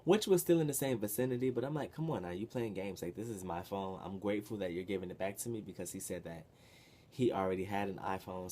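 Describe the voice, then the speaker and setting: A young man telling a story from his past in a casual, animated, profane way, with sudden loud bursts. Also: low voice, slight background noise. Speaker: vlogger.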